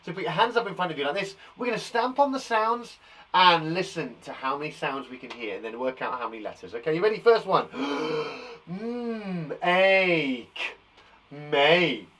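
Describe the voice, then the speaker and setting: Upbeat man as a kids' teacher, slightly high voice with a very lively pitch, full of encouragement. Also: fast talker, poor audio. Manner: enthusiastic and encouraging. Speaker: primary school teacher. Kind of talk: live online lesson for young children. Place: garden shed.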